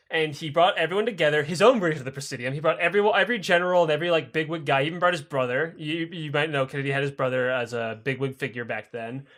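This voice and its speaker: A man co-hosting a podcast, telling history as a casual, profane comedy story and acting out the people in it with raised voices. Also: a little high. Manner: animated, profane, acts out quoted figures in raised voices. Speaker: podcast co-host.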